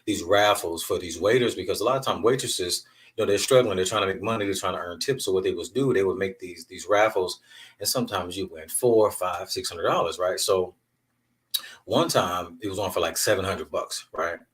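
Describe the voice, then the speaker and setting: A man's voice: sits low, a little fast, a bit bright, recorded from a distance. A man hosting his own podcast, talking candidly and emphatically as he tells stories. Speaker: podcast host. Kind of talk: casual monologue podcast.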